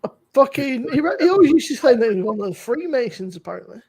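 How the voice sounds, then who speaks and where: A man on a beer-review stream tells stories in loose, casual chat. His voice is gravelly and husky. He swears freely and breaks into laughs. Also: extremely high pitch, sing-song, fast, darkish tone.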